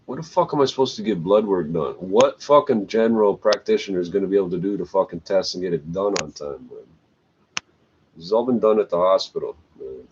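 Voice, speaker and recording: Swearing man ranting, low voice. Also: lively intonation, fairly quick, a little mellow. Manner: agitated, swearing, trailing "eh?". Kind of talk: rambling profane rant. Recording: dull lo-fi recording, faint noise.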